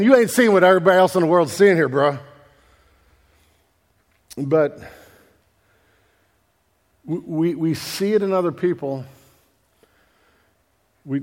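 A man preaching a sermon as pastor, casual and animated, using slang and acting out voices. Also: a little high, big-room sound.

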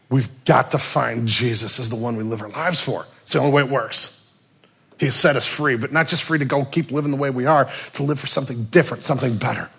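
A man preaching a sermon and telling a story, moving from loud passages to near whispers. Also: mid-range voice, gravelly, breathy edge. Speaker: pastor.

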